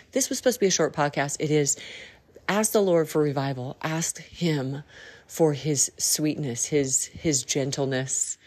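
A woman's voice: deep voice, a little mellow. A woman hosting a casual devotional podcast, rambling and earnest with folksy slang. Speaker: podcast host.

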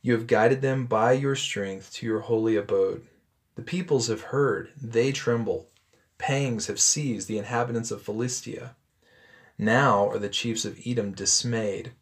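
A man reading a Bible passage aloud and stopping to explain it in a relaxed, conversational way, with frequent ums and self-corrections. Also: mid-range voice, measured pace. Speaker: Bible teacher. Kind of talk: scripture reading with commentary.

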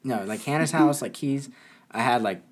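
A young man casually telling a story, animated and often laughing. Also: mid-range voice, normal speed.

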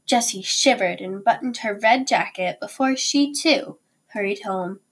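Brief: woman teacher, read-aloud of a children's chapter book, deliberate pace. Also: mid-range voice, a bit bright, slightly rough.

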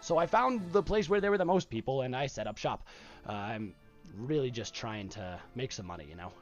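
A man's voice: medium pitch, lively intonation, brisk, dull audio, soft background music, close to an everyday voice. A man doing a rambling friendly bartender. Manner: rambling, eager to help. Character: friendly hesitant male bartender with magic sword.

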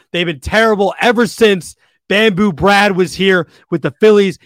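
Brief: young male podcast co-host, exasperated sports rant, slightly high voice, dry close sound. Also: no echo. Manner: animated, exasperated ranting. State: losing his voice.

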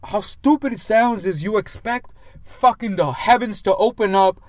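A man's voice: high-pitched, normal speed, a little mellow, no echo. A man co-hosting a podcast, talking in a heated, emphatic way and swearing constantly. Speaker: podcast co-host. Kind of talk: casual podcast chat.

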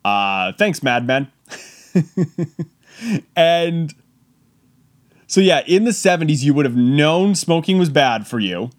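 A man's voice: on the high side, sing-song, takes it slowly, pauses often. A man giving a casual comedic monologue, rambling and laughing often with mock-outraged asides.

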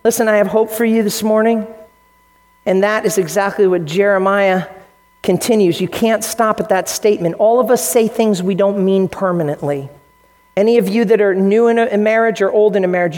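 This pastor, from the United States, speaks briskly in a high, darkish voice with fairly even intonation, his words trailing off in a long reverb in a church hall. His sermon is earnest, and he voices the quotes he tells in varying tones.

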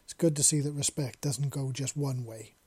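A man voicing a calm, expressionless young woman in a read-aloud story, speaking softly and with restraint. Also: mid-range voice, moderate pace, husky, no room sound, lightly acted. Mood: soft, grateful. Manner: soft, restrained.

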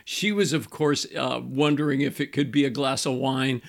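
A middle-aged male pastor giving a conversational teaching on marriage, repeating key phrases and slowing down to stress a point. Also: mid-range voice, steady tone, gravelly.

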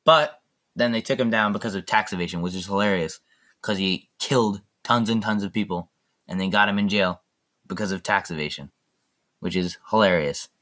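A man's voice: fairly low pitch, moderate pace, fairly bright tone. A young man hosting a solo podcast, chatting enthusiastically and rambling with lots of fillers. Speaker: podcast host. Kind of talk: casual solo podcast chat.

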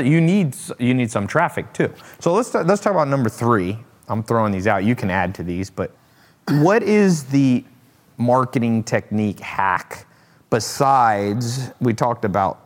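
A man hosting a podcast, asking his guest questions in a relaxed, joking way. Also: lowish voice, in a large hall. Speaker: podcast host. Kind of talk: casual interview chat.

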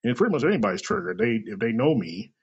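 A man hosting a podcast, talking in a blunt, profane, self-deprecating casual monologue with a gravelly, husky voice. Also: medium pitch, sing-song, fast, highs cut off. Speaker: podcast host.

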